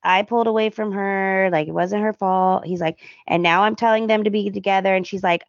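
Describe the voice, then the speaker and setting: A woman's voice: mid-range voice, a little fast, hardly any pauses, no echo, lo-fi sound. A woman co-hosting a podcast, chatting casually and acting out characters' lines as she recaps. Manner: animated retelling, acts out characters' lines. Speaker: podcast co-host.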